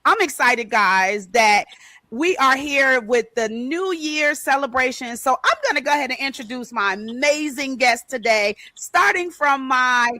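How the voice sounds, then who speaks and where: A woman hosting a podcast as author and coach, upbeat and animated, calling out greetings to her guests over a video call. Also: high voice, a little slow, no echo.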